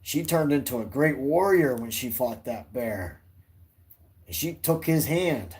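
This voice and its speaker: A man's voice: medium pitch, animated, unhurried, darkish tone, husky, rough recording. A man talking casually on a livestream at night from indoors by a window, rambling in an easygoing way and chuckling often. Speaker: livestream host talking to chat and his young son.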